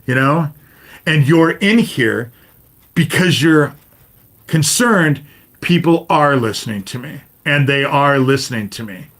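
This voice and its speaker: A man in his fifties delivers a profane livestream rant, speaking directly to the people in his chat. His voice sits a little high for a man. He peppers his sentences with swearing and a habitual "you know?". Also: lively intonation, slow, fairly bright tone. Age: 50s. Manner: swears constantly, addresses viewers directly, repeats "you know?". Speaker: livestream host.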